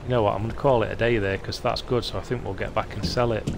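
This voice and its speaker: A man giving chatty, excitable live commentary as he plays a game, talking himself through each step. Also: on the low side, fast talker, vocal fry. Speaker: streamer. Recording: loud game noise under voice.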